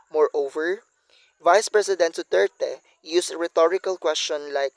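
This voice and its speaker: A man's voice: a little high, moderate pace, creaky, no echo, poor audio. A young man, carefully reading a prepared academic analysis as a student presenter, with small slips along the way.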